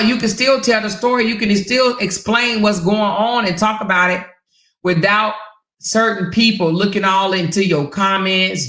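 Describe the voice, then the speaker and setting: A woman hosts her own live stream, giving casual commentary to her viewers, talking bluntly and swearing freely, with frequent laughter breaking in. Her medium-pitched voice is sharp and bright and bounces around an echoey room.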